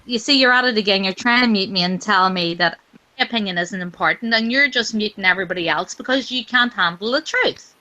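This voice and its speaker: Bright, foul-mouthed Irish woman. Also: mid-range voice, brisk, rough recording. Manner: profane, insulting, repetitive. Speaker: chat panelist. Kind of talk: heated argument in an online group chat.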